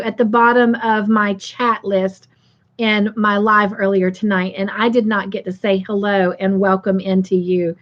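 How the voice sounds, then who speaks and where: A woman's voice: medium pitch, flat delivery, unhurried, dull audio. A woman hosting a casual livestream, chatting affectionately with viewers and reading out their comments. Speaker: livestream host.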